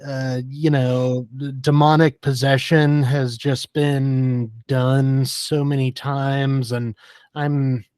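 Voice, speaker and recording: A man's voice: mid-range voice, flat delivery, slow pace, darkish tone, clean tone, no room sound, clean studio sound. A man guesting on a casual film podcast, thoughtful and hesitant, with many fillers.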